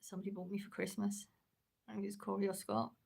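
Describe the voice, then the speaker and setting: Laid-back English woman, gravelly voice. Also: mid-range voice, little pitch movement, quick pace, darkish tone. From England. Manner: laid-back and hesitant, with many ums and restarts. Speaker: livestreamer. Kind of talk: casual livestream chat, reading comments aloud.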